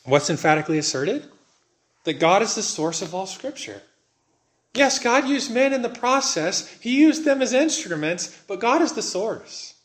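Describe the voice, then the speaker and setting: A man preaching a sermon as a pastor, earnest and slowing down to stress key words. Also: sits high, big pitch swings.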